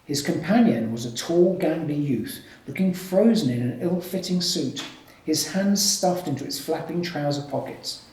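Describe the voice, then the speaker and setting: A male author reading a ghost story aloud at a live event, measured in the narration and chatty with fillers in his asides. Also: on the high side, expressive, darkish tone, recorded from a distance. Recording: echoey room, mic from afar.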